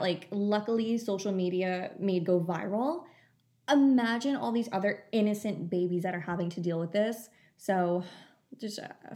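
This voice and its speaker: A young woman telling a long story in casual chat, full of fillers. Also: mid-range voice. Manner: chatty storytelling, many fillers.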